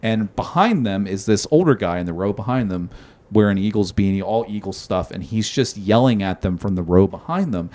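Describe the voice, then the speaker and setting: A man's voice: fairly low pitch, lively intonation, fairly quick, a little mellow. A man from South Jersey on a podcast, recounting a story in a chatty, profane, casual way.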